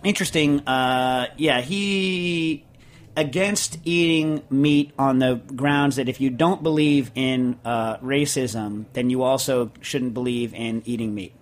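A man's voice: mid-range voice, slow pace. A man with a New York accent hosting a radio talk show, rambling and joking with lots of fillers.

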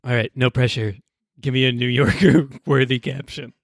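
A man's voice: medium pitch, fairly even intonation, moderate pace, no room sound, studio quality. A man co-hosting a podcast in casual comedy chat, playful and laughing often. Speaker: podcast co-host.

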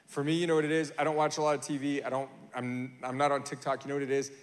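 Young guy preaching in a big echoey church, kinda high voice, acts out the quotes. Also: fast, hardly any pauses. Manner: animated, acts out quoted voices, repeats for emphasis. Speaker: pastor. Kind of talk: sermon. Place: church sanctuary.

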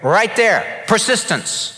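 A man preaching a sermon as a pastor, swinging from hushed to loud as he acts out voices from Bible stories. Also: high-pitched, very animated, slow pace. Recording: long reverb of a large hall.

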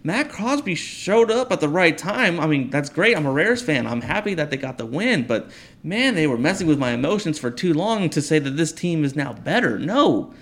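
A man co-hosting a sports podcast, arguing football matchups animatedly and climbing in pitch as he presses his point. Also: sing-song, brisk. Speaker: podcast co-host. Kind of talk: casual sports chat.

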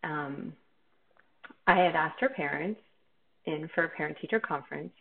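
A woman's voice: low-pitched, normal speed, gravelly. A woman teacher telling a personal story in a candid, reflective, self-deprecating way. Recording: tinny phone-like line.

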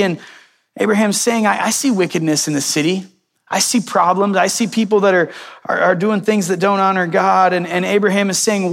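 A male pastor preaching a sermon, reading scripture and retelling it in a conversational way with lively quoted voices. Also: high voice, moderate pace, gravelly, big-room sound.

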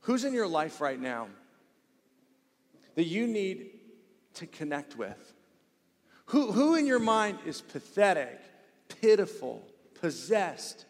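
A man's voice: high-pitched, sing-song, slow pace, long pauses. Emphatic preacher man in a reverberant hall. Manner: emphatic preaching, swinging from loud to hushed; repeats words for stress. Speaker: pastor. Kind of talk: sermon.

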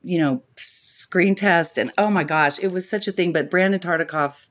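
Brief: woman guest, chatty storyteller, slightly low voice, laughs through her stories. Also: normal speed. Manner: animated storyteller, laughs often, acts out quotes. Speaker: guest actress. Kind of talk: casual anecdote telling.

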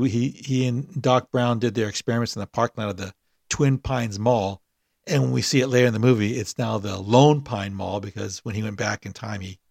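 Man, podcast host, gravelly voice, rambling chat with fillers, dry room. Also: medium pitch, dry recording. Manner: rambling, many fillers and restarts. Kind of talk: story reading and casual chat.

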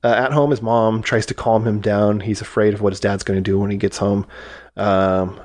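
In a relaxed podcast conversation about a film, the male co-host wanders from point to point, leaning on fillers and performing quotes. His voice is lowish and darkish, level in tone, at a moderate pace.

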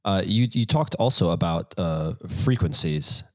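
A man's voice: sits low, lively intonation, unhurried, no echo, studio quality. A man hosting an interview, asking curious, rambling questions. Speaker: podcast host. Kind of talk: conversational interview.

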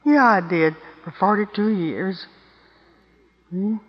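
A woman's voice: on the low side, measured pace, pauses often. An older woman speaks at a women's meeting, telling stories in a folksy, emphatic way and prodding her listeners along. Her voice rings with a long echo through a big hall. The recording sounds a little dull. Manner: emphatic, asks the audience "Hmm?". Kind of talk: folksy storytelling talk to women.

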